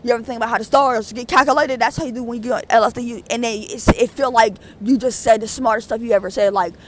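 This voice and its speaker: A woman's voice: on the high side, fast talker, background noise. A young adult woman vlogger telling a story in a casual, rambling way, full of fillers. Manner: rambling, animated, with many fillers.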